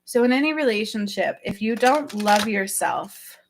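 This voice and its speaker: A woman's voice: mid-range voice, moderate pace, noisy background. Earnest woman talking straight to viewers. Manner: earnest, repetitive, addresses viewers directly. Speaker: spiritual healer. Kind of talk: livestream talk to viewers.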